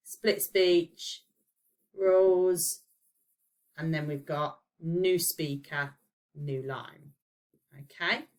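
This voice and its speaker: Primary teacher, woman, low-set voice, patient step-by-step explainer. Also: fairly bright tone. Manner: explanatory, checks in with "okay?". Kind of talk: recorded online lesson.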